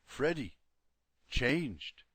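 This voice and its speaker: A man voicing an excitable, eager talking dog, pitched well above his own voice. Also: drawn-out words, slightly rough, dry recording, exaggerated voice. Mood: excited. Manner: breathless, eager.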